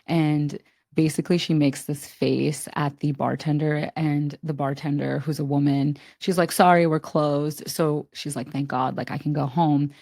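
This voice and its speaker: A woman's voice: sits low, level tone, normal speed, vocal fry, warm tone, dry recording, studio quality. A young woman co-hosting a podcast, casually and expressively retelling a film plot with plenty of filler words. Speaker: podcast co-host. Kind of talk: casual chat.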